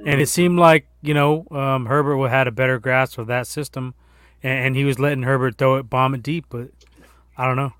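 A man in a casual sports chat, talking in a measured, thinking-aloud way with some hesitant fillers. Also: medium pitch, fairly even intonation, a bit bright, clear, resonant tone, no room sound, clean studio sound.

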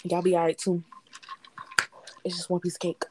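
A young woman co-hosting a casual podcast, relaxed and rambling, with plenty of fillers. Her voice sits low for a woman. A faint hiss of noise runs underneath it. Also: normal speed. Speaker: podcast co-host. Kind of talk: casual chat.

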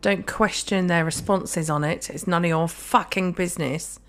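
This is a woman in her thirties with a slightly low voice, co-hosting a chatty podcast. She rants in a joking, sweary way. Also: steady tone, normal speed. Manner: ranting, sweary, jokey. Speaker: podcast co-host. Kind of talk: casual chat.

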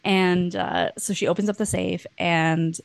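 Gravelly chatty young woman. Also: fairly low pitch, fairly even intonation, a little slow, dry recording. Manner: rambling and chatty, full of "like" and swearing. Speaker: podcast co-host. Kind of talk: casual book-club chat, retelling a novel's plot.

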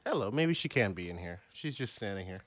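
A man's voice: on the low side, sing-song, brisk. A man co-hosting a casual podcast, laid-back and understated, talking from home. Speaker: podcast co-host. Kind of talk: casual chat.

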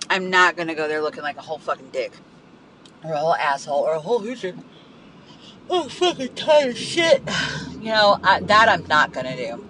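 A man's voice: sits high, sharp tone, slight background noise, low-quality recording. A man hosting a podcast, venting in a heated, profane monologue from his car and repeating himself as he goes. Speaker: podcast host.

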